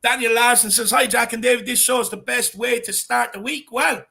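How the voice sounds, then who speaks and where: A man with an Irish accent co-hosting a fan show, chatting casually and reading out viewer comments with shout-outs. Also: very high-pitched, steady tone, fairly quick, vocal fry. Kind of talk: casual live-stream chat.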